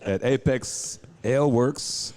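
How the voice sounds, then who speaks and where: A man's voice: medium pitch, slow, darkish tone. A man hosting a beer podcast in casual banter, laughing often. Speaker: podcast host. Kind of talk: casual chat.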